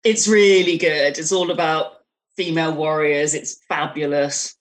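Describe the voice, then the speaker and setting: A woman's voice: deep voice, fairly even intonation, measured pace. A woman guest on a radio show, chatting casually and giving frank, enthusiastic opinions.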